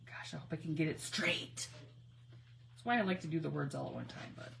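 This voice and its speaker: A woman hosting a casual crafting livestream on her phone, chatty and giggly, nervously excited as she talks to viewers. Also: sits low, normal speed, vocal fry, a little hiss or hum. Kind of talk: casual live crafting chat.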